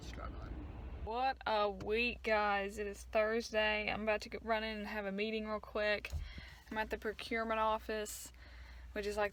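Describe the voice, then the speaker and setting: A woman's voice: mid-range voice, a bit bright. A young woman in her twenties talking casually to a phone camera in a car, rambling and chatty with laughs between thoughts. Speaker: vlogger. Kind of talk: casual vlog chat. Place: in her car and walking outdoors. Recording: car and road noise behind. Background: car and traffic noise.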